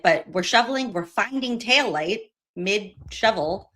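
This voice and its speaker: A woman's voice: mid-range voice, expressive, normal speed, few pauses, fairly bright tone. A woman hosting a casual livestream, giving sarcastic running commentary with frequent laughs. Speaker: livestream host. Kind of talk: casual commentary on trial footage.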